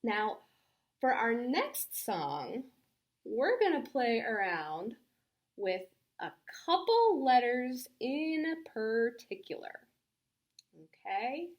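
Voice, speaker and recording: Slow, high-voiced storytime woman. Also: muffled recording. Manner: animated, coaxing young listeners with questions. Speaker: children's librarian hosting storytime. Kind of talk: children's storytime reading.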